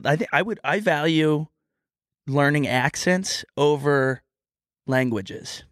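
A man's voice: a little high, takes it slowly, fairly bright tone, no echo, clean studio sound. A young man from Texas co-hosting a podcast in casual chat, trailing off mid-sentence and giving dramatic opinions. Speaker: podcast co-host.

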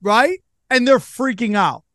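A man hosting a podcast, telling stories in an animated, jokey and profane way. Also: extremely high pitch, a little slow, no room sound, studio quality. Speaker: podcast host. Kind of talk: casual storytelling chat.

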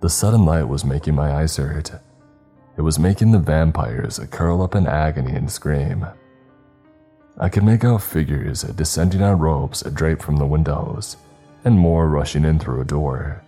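A man narrating a horror story in a slow, grave, measured way. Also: a bass voice, dark tone, breathy edge, faint music behind.

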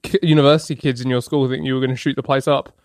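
A man's voice: medium pitch, flat delivery, very fast, a little mellow, no echo, clean studio sound. A man who is a guest on a casual podcast, teasing the host with prodding questions.

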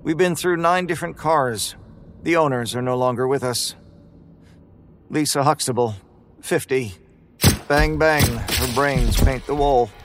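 A man narrating a first-person horror story in a flat, weary, grim manner. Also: mid-range voice, unhurried, pauses often, noisy background.

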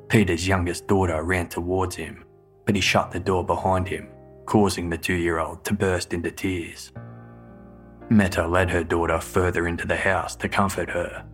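A man delivers scripted true-crime narration in a low, flat, measured manner, with faint music in the background.

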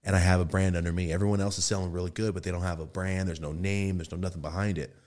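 Casual podcast storyteller, man, lowish voice, profane and excitable. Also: fast talker. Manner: animated, profane, jumps into high excited voices for quotes. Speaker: podcast host telling a story.

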